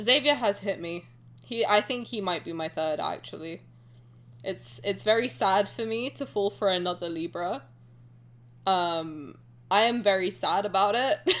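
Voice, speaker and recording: A woman streamer chatting casually and excitably with her viewers, rambling and swearing now and then. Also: mid-range voice. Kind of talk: casual live-stream chat.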